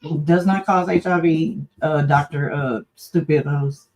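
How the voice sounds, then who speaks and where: A woman's voice: sits low, steady tone, unhurried, crowd noise, low-quality recording. A middle-aged woman, hosting a livestream and talking in a frank, rambling way with a bit of cussing. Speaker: livestream host. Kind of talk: casual livestream chat.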